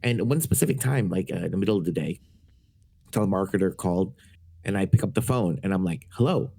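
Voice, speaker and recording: A man on a podcast panel telling a story in a relaxed way, with lots of fillers and swearing. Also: low-pitched, a little fast. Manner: laid-back, swears freely, many fillers. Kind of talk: casual storytelling.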